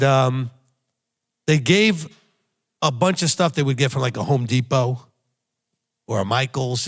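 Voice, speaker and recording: A man, a rabbi, giving a sermon with blunt, emphatic exhortation and repeated key phrases. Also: medium pitch. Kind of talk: recorded sermon teaching.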